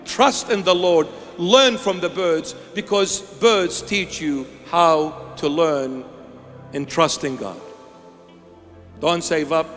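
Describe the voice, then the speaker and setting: A man's voice: a little high, slow pace, fairly bright tone, big-room sound, soft background music. A man preaching a sermon as a bishop, impassioned, with rhythmic repeated phrases that sometimes lift into song.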